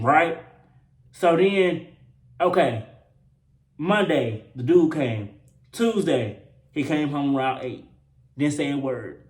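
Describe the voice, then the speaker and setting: A young man telling a personal story in a casual, slangy, profane way, repeating lines for emphasis. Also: a little high. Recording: roomy echo with faint hum.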